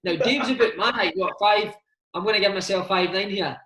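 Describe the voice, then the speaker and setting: This man's high voice is bright and forceful, and he talks at a fairly quick clip. He's a Scottish ex-footballer in his thirties, a guest in an interview, spinning stories casually with plenty of swearing and calling the listener mate. The room echoes noticeably.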